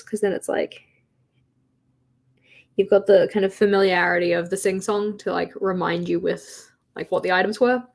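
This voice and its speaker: A woman's voice: medium pitch, darkish tone. A woman chatting casually on a livestream, often counting aloud in a sing-song as she works. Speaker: stationery livestreamer. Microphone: camera mic at a desk.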